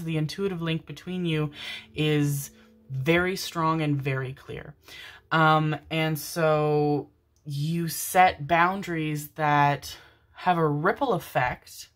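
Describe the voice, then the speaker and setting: A woman giving a casual tarot reading, chatty and affectionate, swearing freely as she goes. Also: low voice. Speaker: tarot reader.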